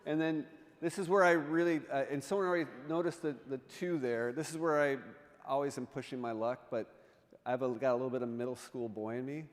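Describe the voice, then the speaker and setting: His medium-pitched voice holds a steady tone and moves a little fast as this artist in residence gives a playful illustrated talk to a congregation. He jokes and quizzes his listeners often. A church sanctuary's long reverb fills the recording.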